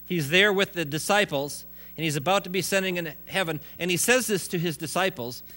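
A man's voice: high-pitched, fairly quick, bright, forceful tone. A man preaching a sermon in a conversational way, with restarts and joking asides. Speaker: pastor.

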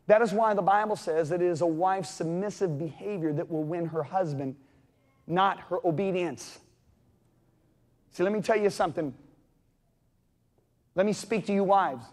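High-voiced preacher in a reverberant hall. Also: male voice, moderate pace, long pauses. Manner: dramatic storytelling, swinging from loud to hushed. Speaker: pastor. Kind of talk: sermon. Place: church sanctuary.

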